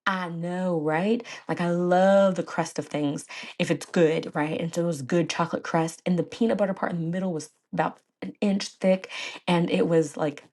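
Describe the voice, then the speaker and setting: A woman's voice: lowish voice, fairly even intonation, normal speed, a little mellow. A woman in her thirties hosting a podcast in a casual, chatty way, often laughing and calling her listeners "y'all". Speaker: podcast host. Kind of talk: casual chat.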